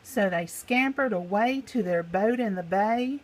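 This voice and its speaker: Woman slowly reading a rhyming storybook. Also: mid-range voice, a little mellow, poor audio. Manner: slow, rhythmic, sing-song delivery. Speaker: storybook reader. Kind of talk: rhyming picture-book narration.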